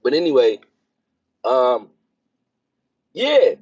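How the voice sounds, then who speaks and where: A man's voice: mid-range voice, huge pitch swings, extremely slow, darkish tone, breathy edge. A man, a military officer, talking in a rambling, casual vlog style with lots of fillers. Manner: rambling, conversational, many fillers. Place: driving onto a military base. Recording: dull lo-fi sound.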